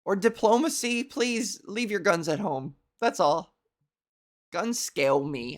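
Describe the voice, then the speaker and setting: A woman's voice: lowish voice, lively intonation, slow. A young woman with a scratchy, cartoony voice hosts a comedy stream in a rambling, profane, self-deprecating way. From Canada. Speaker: comedy show host. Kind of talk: casual live-stream monologue.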